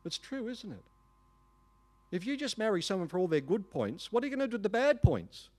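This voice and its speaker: A middle-aged man, preaching a sermon in an emphatic, animated way with folksy asides. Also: high-pitched, a little fast. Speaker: pastor.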